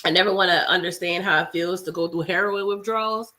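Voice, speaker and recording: A young woman with flu, hoarse and congested, casually chatting with live-stream viewers while eating, slangy with laughing asides. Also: fairly low pitch, steady tone, brisk, pushed and bright.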